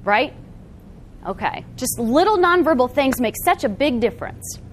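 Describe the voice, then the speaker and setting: A woman giving a live seminar talk to an audience in a meeting room, animated and often checking in with the room. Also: high voice, normal speed, a little hiss or hum. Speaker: workshop presenter.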